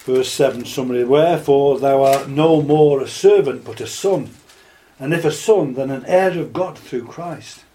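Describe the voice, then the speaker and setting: A man preaching a sermon, reading scripture slowly and then building into impassioned, rising exhortation. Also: mid-range voice, dark tone. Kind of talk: sermon, Bible teaching.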